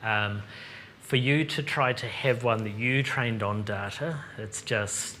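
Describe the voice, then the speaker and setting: A man's voice: medium pitch, slow pace, bright, forceful tone. Casual kiwi guy fielding questions at a seminar, lots of ums, bit of hiss. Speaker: seminar presenter. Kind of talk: live seminar Q&A.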